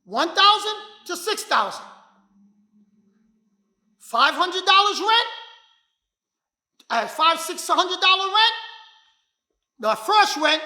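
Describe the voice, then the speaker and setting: A martial arts instructor telling his story as a motivational talk, emphatic and repetitive, often bursting into shouts. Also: very high-pitched, big pitch swings, slow pace, long pauses. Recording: echoey room.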